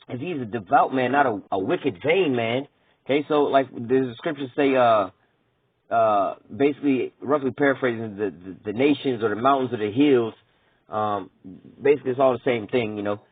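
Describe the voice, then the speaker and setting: A man preaches in a loose street-style Bible lesson, blunt and profane, forever asking his listeners if they follow. His voice is husky at a middling pitch. The sound is dry and tinny, as if heard down a phone line. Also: moderate pace, dry recording. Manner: blunt, profane, rambling, asks "all right?" often. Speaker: preacher teaching scripture.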